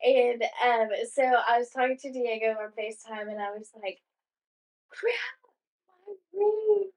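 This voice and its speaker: Her voice sits fairly high, with fairly even intonation and a moderate pace. As a podcast co-host, she rambles through a long story, leans heavily on "like," and acts out what people said, all in dull, muffled lo-fi sound.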